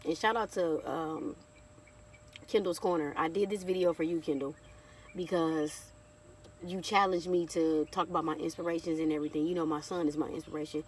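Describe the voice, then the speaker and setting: A woman's voice: low voice, fairly even intonation, moderate pace, darkish tone, far from the mic. Heartfelt chatty woman vlogger. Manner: heartfelt, chatty, keeps addressing viewers as y'all. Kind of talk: casual testimony vlog.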